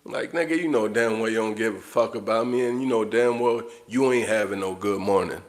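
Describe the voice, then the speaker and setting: A man's voice: on the low side, fairly quick. A man talking straight to his viewers in an unscripted livestream monologue, blunt, profane and repeating himself as he rants. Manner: blunt, profane, repetitive ranting. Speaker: livestream host.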